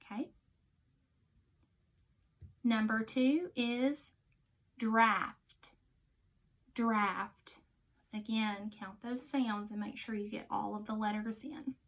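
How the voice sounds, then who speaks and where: A woman teaching a phonics lesson to young children, sounding out each letter slowly and clearly. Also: fairly high pitch, a little mellow.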